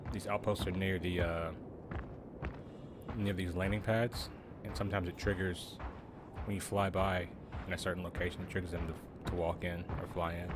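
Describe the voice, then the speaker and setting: Low-voiced man on noisy voice chat. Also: flat delivery, normal speed, long pauses. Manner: offhand, talks to himself while playing. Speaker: co-player. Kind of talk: casual gaming chat over voice chat.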